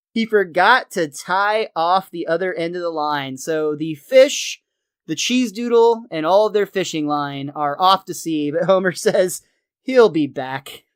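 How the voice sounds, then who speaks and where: A podcast co-host recapping a cartoon episode in a lively storytelling way, laughing often. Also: medium pitch, smooth, dry recording, clean studio sound.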